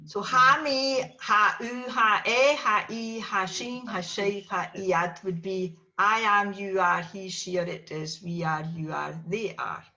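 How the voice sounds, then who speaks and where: A woman's voice: mid-range voice, steady tone, slow pace, hardly any pauses, bright, forceful tone, muffled recording. A woman teaching a small class, patiently repeating each word for students to echo. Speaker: Gaelic teacher. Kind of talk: language lesson with a small class.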